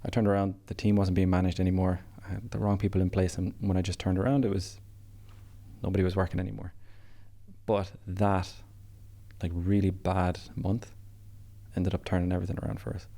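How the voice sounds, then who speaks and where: A man speaks as a podcast guest in a very low, gravelly voice with a dark, mellow tone. He recounts things in a plain, matter-of-fact way with little rise and fall. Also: level tone, brisk. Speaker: podcast guest, business founder. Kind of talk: casual podcast interview.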